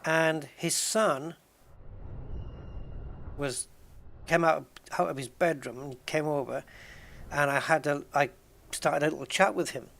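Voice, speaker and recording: A man's voice: on the high side, takes it slowly, gravelly, pauses often, fairly bright tone. A man chatting casually as he plays a game, rambling and often restarting his sentences. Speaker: game streamer. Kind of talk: casual chat while gaming.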